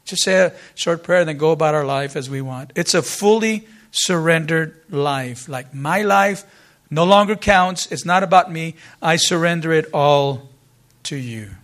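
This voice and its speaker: Guy pastor preaching a sermon, kinda high voice, earnest, tells stories with lots of uhs and restarts. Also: unhurried. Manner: earnest preaching, rising to emphatic peaks then dropping quiet; storytelling asides with fillers and restarts. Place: church.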